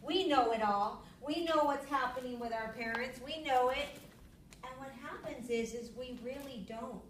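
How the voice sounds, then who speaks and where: A middle-aged woman, teaching a yoga lecture to students as a lively storyteller. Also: normal speed, a little hiss or hum. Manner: lively storyteller, acts out her own yelling in a high voice. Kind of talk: classroom lecture. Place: classroom. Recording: echoey room, far from the mic.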